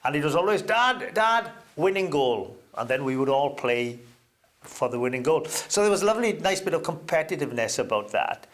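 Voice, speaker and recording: An older man sits as an interview guest and unspools anecdotes at an easy pace. His voice stays at a middling pitch but jumps up now and then as he gets into a story, broken by ums and uhs. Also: a little fast. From Wales. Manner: reminiscing, with hesitant fillers and sudden lifts in pitch.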